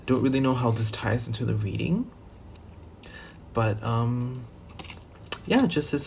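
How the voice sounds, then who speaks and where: A man's voice: medium pitch, lively intonation, measured pace, gravelly, pauses often, darkish tone, slight background noise. A man giving a casual tarot reading, rambling loosely with many fillers and restarts and the odd swear word. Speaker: tarot reader.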